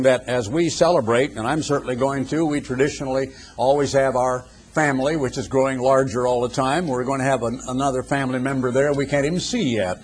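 An older man giving a radio sermon, husky-voiced, building emphatic rhetorical questions. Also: a little high, a little mellow. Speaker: preacher, radio broadcaster.

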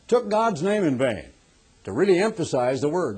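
A middle-aged man from the United States preaching a television sermon, husky, swinging from hushed to loud and pressing rhetorical questions. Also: a little high, big pitch swings, fairly quick.

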